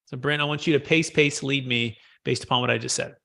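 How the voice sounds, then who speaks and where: Bright-voiced male sales trainer. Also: mid-range voice, fairly even intonation, a little fast, creaky. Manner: coaching, asks trainees questions, repeats key phrases. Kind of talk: live training session.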